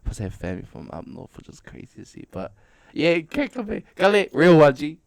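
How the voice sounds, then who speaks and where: A man's voice: a little high, huge pitch swings, fairly quick, creaky, darkish tone. A young man, a dancer guest in a podcast, telling stories in casual slangy chat and laughing often. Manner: laid-back slangy storytelling, laughs often.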